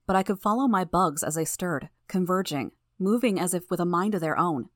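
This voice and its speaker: Brief: woman audiobook narrator, slightly low voice, measured first-person storytelling, dry recording. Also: no room sound.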